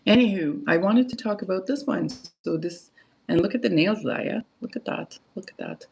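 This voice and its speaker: Heavily gravelly woman chatting casually. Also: medium pitch, animated, moderate pace, darkish tone, slight background noise, low-quality recording. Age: adult, parent of kids. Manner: rambling, chatty, many fillers and restarts. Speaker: perfume livestream host. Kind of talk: casual livestream chat.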